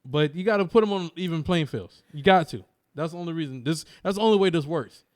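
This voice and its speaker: A man's voice: on the high side, fast. A man co-hosting a casual podcast, ranting emphatically and repeating slang for emphasis. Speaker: co-host.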